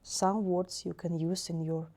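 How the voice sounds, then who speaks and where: Woman, Russian accent, language teacher, slow delivery, mellow tone, patient repetition. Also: fairly low pitch, level tone. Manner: slow, repeats each word several times. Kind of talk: beginner language lesson.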